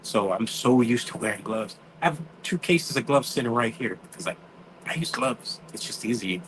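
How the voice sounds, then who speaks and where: A man's voice: medium pitch, animated, moderate pace, fairly bright tone, slight background noise, rough recording. A man, telling stories in casual chat, acting out quotes and swearing freely. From New York. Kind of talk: casual storytelling.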